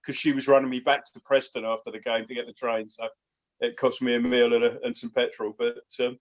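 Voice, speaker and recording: A man's voice: medium pitch, little pitch movement, fairly quick. A man telling anecdotes as a guest on a casual football chat, with stammered restarts. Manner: stammering restarts, chuckling storyteller. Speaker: panel guest. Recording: slightly dull remote call audio.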